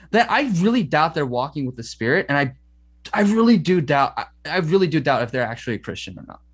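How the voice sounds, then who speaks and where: A man speaking as an interview guest, telling a personal story in an earnest, emphatic way. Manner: earnest, emphatic, swings between high and low pitch.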